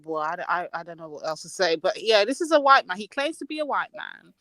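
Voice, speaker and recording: A woman's voice: lowish voice, very animated, quick pace, fairly bright tone, dry recording. Teasing woman on a dry mic. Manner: teasing, questioning, laughs easily. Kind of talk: casual live stream chat.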